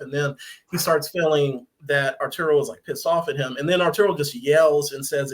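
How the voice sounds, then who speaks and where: A man's voice: fairly high pitch, fairly even intonation, moderate pace. A man hosting a podcast, casually recapping a TV episode, rambling and acting out lines. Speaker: podcast host. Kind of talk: casual review chat.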